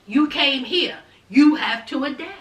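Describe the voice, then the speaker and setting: A woman, hosting a casual reality TV recap with sassy, animated storytelling. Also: sits high, a little slow. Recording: roomy echo, distant from mic.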